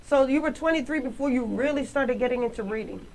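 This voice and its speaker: Very high-voiced male radio host. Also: fast talker, rough recording. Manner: brief affirming interjections. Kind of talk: interview questions.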